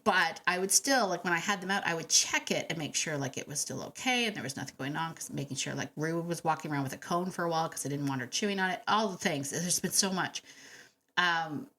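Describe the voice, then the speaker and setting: A woman hosting a dog training podcast, telling stories in a chatty, animated way with laughs and fillers. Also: deep voice, fast. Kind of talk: casual podcast monologue.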